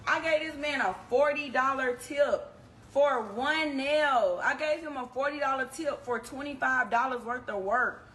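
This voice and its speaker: A woman telling a personal story in a casual, animated, slangy way, addressing her listeners directly. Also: sits high, measured pace, low-quality recording. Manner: animated, slangy, talks straight to the audience. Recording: background noise under the voice.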